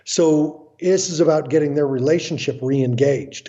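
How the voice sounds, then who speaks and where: An American man, a guest in an animated storytelling interview, talks about his work as a family counselor, bluntly and emphatically, acting out what other people say. His voice is on the high side and dark, at normal speed, with lo-fi sound.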